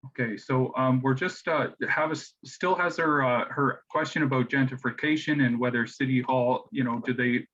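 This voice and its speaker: Casting note: male townhall moderator, halting and hesitant, middle pitch, muffled lo-fi audio. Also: fairly even intonation, fairly bright tone, slight background noise. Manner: halting, many "uh" and repeated words. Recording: dull lo-fi sound.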